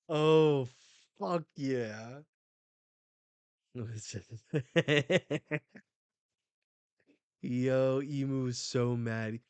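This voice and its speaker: A man hosting a live manga reading reaction, with excited, profane outbursts. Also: medium pitch, very slow, long pauses, smooth, no room sound.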